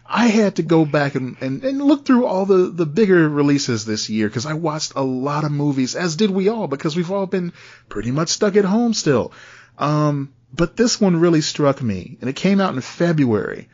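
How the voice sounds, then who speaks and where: A man's voice: on the high side, expressive, moderate pace, a little mellow, highs cut off. A man co-hosting a podcast, talking in a loose, chatty way with frequent laughs and asides. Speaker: podcast co-host. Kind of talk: casual chat.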